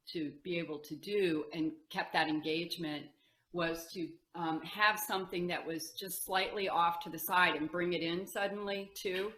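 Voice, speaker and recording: A woman's voice: on the low side, fairly bright tone, slight background noise. A woman music teacher, a guest on the podcast, talking earnestly about teaching and acting out what she says to children. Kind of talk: casual chat. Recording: echoey room.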